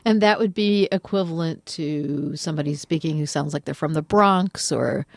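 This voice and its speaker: A woman hosts a radio interview and asks her guest curious, measured questions. Her voice is notably deep. The studio sound is dry and close. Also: creaky, darkish tone, no room sound. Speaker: radio host.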